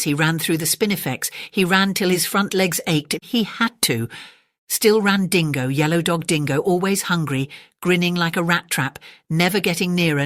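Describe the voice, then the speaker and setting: A woman narrates a bedtime story with a low, calm voice. She reads the repeated refrains in a rhythmic, chant-like way. The recording is dry and close. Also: dry recording.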